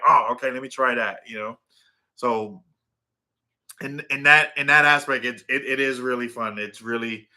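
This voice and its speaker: Man, middle-aged, casual vlog chat, very bright forceful voice, rambling, self-correcting. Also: mid-range voice. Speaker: vlogger.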